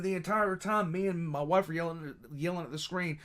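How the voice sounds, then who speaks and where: A man's voice: on the high side, fast talker, few pauses, fairly bright tone. A man hosting a reaction video in casual commentary, rambling and repeating words as he searches for them, earnest and frustrated.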